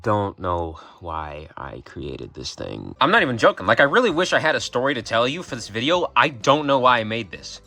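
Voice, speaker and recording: A man's voice: lowish voice, bright, forceful tone. A young man in a casual vlog, rambling and mocking himself, swearing freely and often restarting his sentences. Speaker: plush maker and video creator.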